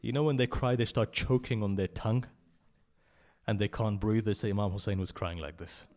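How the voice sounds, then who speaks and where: A man giving a mourning sermon that moves from hushed, low telling to loud, high, tearful pleading, choked with tears. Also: steady tone, fairly quick. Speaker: speaker at a memorial gathering. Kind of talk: Shia majlis sermon with mournful recitation.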